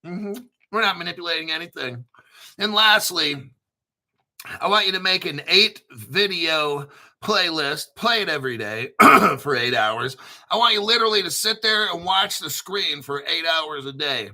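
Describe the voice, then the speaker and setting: A man hosting his own channel in a casual monologue, emphatic and repetitive, rambling and swearing, often clearing his throat. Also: fairly high pitch, expressive, moderate pace, bright, forceful tone. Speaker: crypto channel host.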